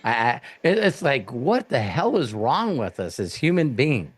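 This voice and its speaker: A man's voice: medium pitch, a little slow, breathy edge. Blunt, profane male coach. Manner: blunt, profane, animated storytelling. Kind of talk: live Q&A coaching talk.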